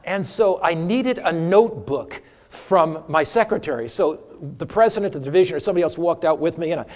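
High-voiced man preaching to a crowd. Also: a little fast, in a large hall. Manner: animated, humorous, quizzes the audience. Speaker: preacher teaching a seminar. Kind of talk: interactive sermon lesson with audience. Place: church or hall before a live audience.

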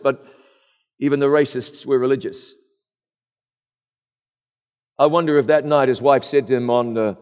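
A man's voice: medium pitch, darkish tone. A middle-aged man preaching a sermon in an earnest, rhetorical style, addressing the congregation directly. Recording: long echo of a large hall.

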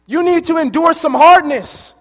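A man preaching a sermon, telling lively stories and calling for answers from the listeners, heard with long hall reverb. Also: very high-pitched, normal speed. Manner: lively storytelling, calls for audience answers.

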